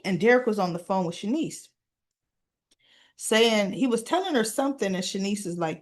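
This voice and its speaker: A woman hosting a soap opera recap, telling the story in a casual, animated way. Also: medium pitch, unhurried, long pauses.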